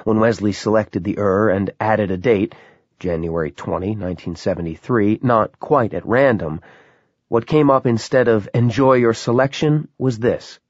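A man giving a measured, scripted audiobook narration. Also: on the low side, a little mellow, no room sound, muffled recording.

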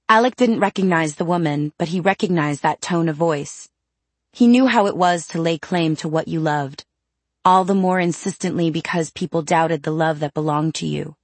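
A woman with a lowish voice narrates an audiobook, reading a fantasy novel aloud in a measured, even storytelling style. The scripted narration has no echo.

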